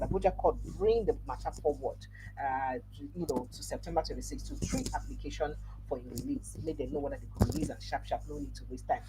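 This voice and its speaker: A woman's voice: a bass voice, fast. A Nigerian woman hosting a livestream news roundup, reading headlines and commenting in a chatty Pidgin-mixed way. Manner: chatty, animated, reads headlines then comments. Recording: noisy livestream audio.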